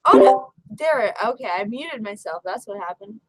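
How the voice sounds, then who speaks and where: A woman's voice: mid-range voice, expressive, normal speed, slightly rough, no room sound, poor audio. A woman streamer chatting on a voice call, swearing freely and cooing baby talk at her cat. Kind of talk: casual chat on voice call.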